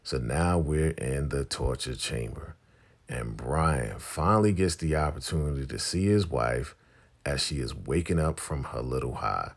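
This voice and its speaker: A man with an extremely deep voice chats through a TV episode recap. His voice is gravelly and husky. The delivery is animated and conversational. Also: unhurried. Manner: animated, chatty retelling. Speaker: TV recap host.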